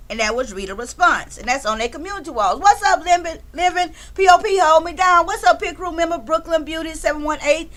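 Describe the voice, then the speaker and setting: Chatty high-voiced woman streamer. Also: brisk, few pauses. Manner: chatty, shouts out chat members, swears freely. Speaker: livestream commentary host. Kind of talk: casual livestream commentary.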